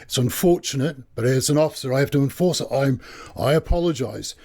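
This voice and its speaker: A man voicing a calm, apologetic male police officer who turns quietly menacing. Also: medium pitch, a little fast, gravelly. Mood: stern.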